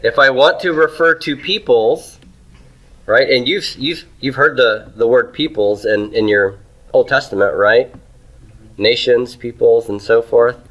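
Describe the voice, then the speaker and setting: A man's voice: mid-range voice, a little slow, fairly bright tone, low-quality recording. A man teaching Hebrew grammar to a class. He writes on a board as he goes, asks students questions and keeps checking in with "okay?" and "right?". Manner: asks the class questions and answers them himself; writes on a board while he talks.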